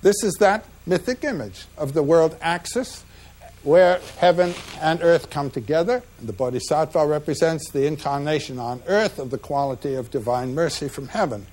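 Reflective man lecturing in a higher voice. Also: darkish tone. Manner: measured, reflective, with frequent pauses and "uh" fillers. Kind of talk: lecture describing slides.

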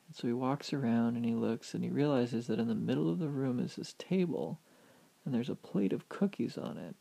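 A man telling a fanciful story aloud with animated, vivid narration. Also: mid-range voice, a little fast, creaky. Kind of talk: oral storytelling.

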